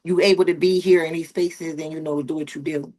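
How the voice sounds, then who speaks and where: Animated Delaware woman telling stories. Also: deep voice, a little fast. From Wilmington, Delaware. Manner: animated storytelling, slangy, rising emphasis. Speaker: guest, model and confidence coach. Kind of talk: casual interview chat.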